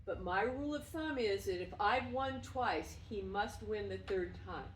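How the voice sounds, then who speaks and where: A woman's voice: lively intonation, measured pace, slight background noise. Woman dog trainer, roomy distant sound. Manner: bursts into high, loud, effusive praise for the dog. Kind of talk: demonstrating dog training outdoors.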